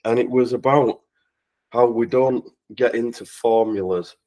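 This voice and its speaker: A man's voice: medium pitch, unhurried, mellow, rough recording. Man laughing through an anecdote. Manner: laughs through the story, with frequent restarts and stumbles. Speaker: guest speaker on a charity talkathon livestream. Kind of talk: casual anecdote storytelling.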